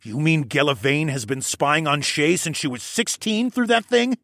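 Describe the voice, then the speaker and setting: A man's voice: high-pitched, sing-song, normal speed, creaky, a bit bright, no room sound, clean studio sound, voice pushed up, heavily acted. A man doing a furious, growling husband. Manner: growling, raging.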